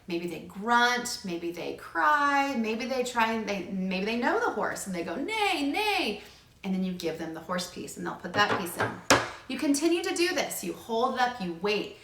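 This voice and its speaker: A woman speech-language pathologist explaining to parents how to use puzzles in play, breaking into animated sing-song animal sounds as she models them. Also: mid-range voice, moderate pace, echoey room, slight background noise. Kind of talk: demonstrating play strategies to parents.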